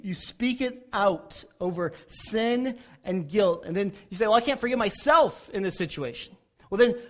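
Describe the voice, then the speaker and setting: A man preaching a sermon as pastor, rising loud when voicing prayers and dropping soft for quiet appeals. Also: sits high.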